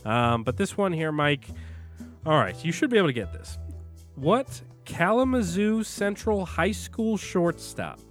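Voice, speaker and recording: Young guy co-host, animated pitch, loose joking talk, faint music. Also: a little slow. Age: young adult. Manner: laid-back, joking, hesitant fillers. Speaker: podcast co-host. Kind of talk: casual sports chat.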